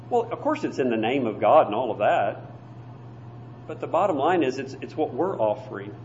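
A man preaching an evening sermon, emphatic and slowing down to stress key phrases. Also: medium pitch, lively intonation, slight background noise. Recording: dull lo-fi recording.

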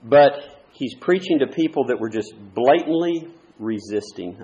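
A man preaching a sermon, moving between loud, emphatic points and quieter asides. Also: medium pitch, normal speed, hardly any pauses, echoey room. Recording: dull lo-fi recording.

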